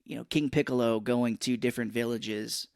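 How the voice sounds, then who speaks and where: A man co-hosting a podcast, talking through a film scene by scene in a loose, joking way. His asides are sarcastic, and he slips into short character impressions. His voice sits at an ordinary middle pitch, and the recording is close and dry. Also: fairly even intonation, normal speed, vocal fry, dry recording. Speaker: podcast co-host. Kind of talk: casual chat.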